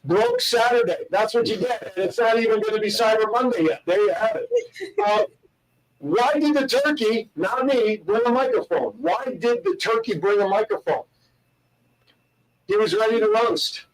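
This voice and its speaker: Upbeat co-host, man, high voice, sitting a little off the mic, playful joke teller. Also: animated, normal speed, far from the mic, rough recording. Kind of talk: casual talk show banter telling dad jokes.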